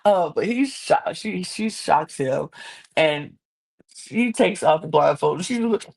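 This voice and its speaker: Chatty woman with a gravelly voice. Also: slow pace. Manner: chatty and animated, acting out people in high squeaky voices. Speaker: podcast host recapping a reality show. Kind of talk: casual chat.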